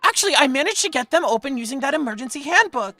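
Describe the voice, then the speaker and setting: A woman's voice: high-pitched, animated, quick pace, sharp tone, soft background music. A woman reading the lines of an earnest, ordinary teenage boy student, asking and explaining with sincerity. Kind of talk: dramatic reading of game dialogue.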